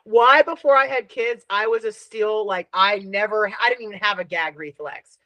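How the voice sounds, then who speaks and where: A woman in her thirties hosting a podcast and chatting casually as a dog groomer, telling stories in a profane, animated way. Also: mid-range voice, moderate pace, no echo. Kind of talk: casual chat.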